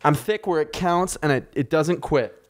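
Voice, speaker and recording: A man's voice: fairly high pitch, normal speed. A young man hosting his own podcast alone, rambling and mocking himself, with casual swearing. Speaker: podcast host. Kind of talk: casual solo podcast talk.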